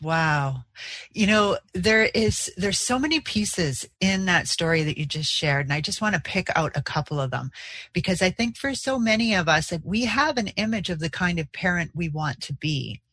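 A woman's voice: lowish voice, animated, normal speed, a bit bright. A woman hosting a podcast, thoughtfully summarizing her guest's story. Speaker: podcast host. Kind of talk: reflective interview talk.

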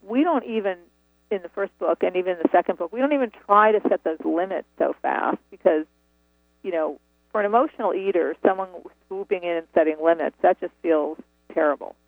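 A woman's voice: lowish voice, fairly quick, no room sound. A woman author telling her story earnestly and reflectively in a phone interview, over a tinny phone line. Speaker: author and guest.

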